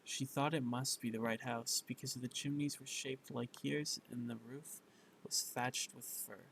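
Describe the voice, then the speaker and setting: A man's voice: medium pitch, fairly even intonation, unhurried, creaky, fairly bright tone, a little hiss or hum, rough recording. A man reading a bedtime story aloud, stumbling over words and correcting himself, with fillers along the way.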